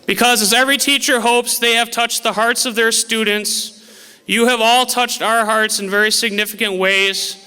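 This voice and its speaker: A man's voice: very high voice, steady tone, normal speed, bright, forceful tone, smooth. A man, a teacher, giving an earnest, motivational graduation speech to a class of students. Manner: earnest, motivational, quotes famous sayings. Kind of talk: formal commencement speech. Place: large auditorium. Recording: echoey hall with long reverb.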